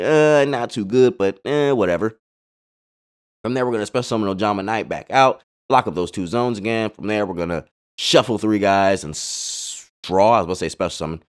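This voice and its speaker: A man's voice: on the low side, clean tone. A man casually commenting on card-game replays in a laid-back, slangy way, full of chatty asides. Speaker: gaming channel host.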